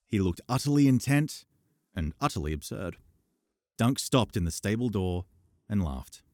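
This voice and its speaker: A man narrates an audiobook in a measured, expressive way. His voice sits low but moves a lot in pitch. The recording is dry and close. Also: no room sound.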